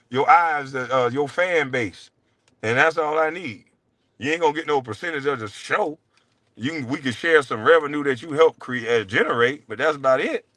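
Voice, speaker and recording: On his own show, the host launches into a furious, foul-mouthed solo rant. He taunts, alternating loud jabs with low mutters.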